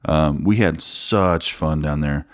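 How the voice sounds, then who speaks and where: A man's voice: extremely low pitch, slow pace. A man co-hosting a podcast in casual chat over drinks, laid-back, swearing freely and laughing through his stories. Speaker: podcast co-host.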